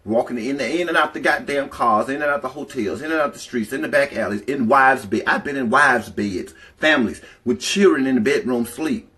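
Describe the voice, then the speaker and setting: A man's voice: mid-range voice, a little fast, few pauses, pushed and bright. A man telling candid, profanity-filled stories on a casual livestream, rambling from one tale to the next and breaking off to greet viewers in the chat. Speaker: livestream storyteller.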